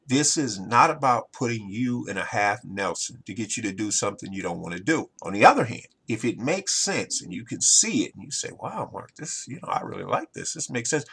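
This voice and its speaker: A man with a gravelly voice hosting his own podcast, addressing listeners directly in a repetitive sales pitch. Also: a bit bright. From United States. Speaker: podcast host and marketing consultant.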